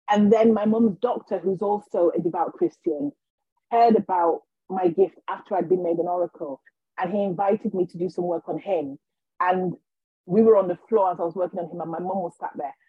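Husky-voiced woman telling a story. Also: medium pitch, a little fast, dry recording, lo-fi sound. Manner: animated, acts out quotes, frequent restarts. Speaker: podcast guest, healer. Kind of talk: casual storytelling in an interview.

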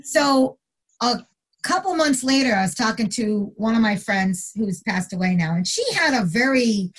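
A woman's voice: moderate pace, breathy edge. A middle-aged woman, a retired corrections officer, telling a story casually in an interview and acting out the quotes. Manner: animated storyteller, acts out quotes with big pitch jumps.

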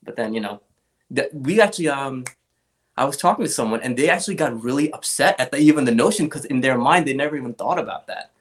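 Man, young adult, interview guest, mid-pitched, storyteller who acts out quotes. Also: fast talker. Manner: animated anecdotes, acts out quoted voices. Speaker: guest, comic art collector.

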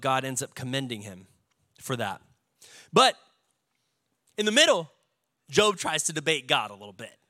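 A male pastor preaching a sermon with animated delivery, acting out the voices of the people he quotes. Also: high-pitched.

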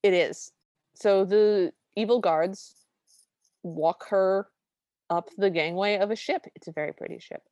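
A woman with a middle-pitched voice recaps a film on a podcast, wry and sarcastic, quoting her own notes. Her voice is recorded close and dry, with no room sound. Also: measured pace, mellow, no echo. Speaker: podcast co-host. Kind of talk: casual chat recapping a film.

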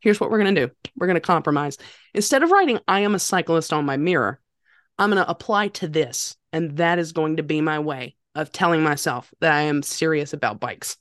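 Woman podcast guest, low-pitched, animated and self-deprecating, dry close sound. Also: a little fast, no room sound. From North Carolina. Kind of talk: casual conversational storytelling.

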